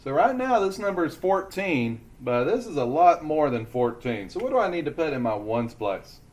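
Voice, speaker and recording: A man teaching a lesson to young children, speaking slowly and deliberately as he sounds out letters and syllables. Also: a little high, very animated, darkish tone.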